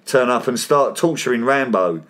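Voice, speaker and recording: A man's voice: medium pitch, animated, normal speed, fairly bright tone. A man hosting a casual, sweary film podcast, mixing joking chat with read recap lines. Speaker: podcast host.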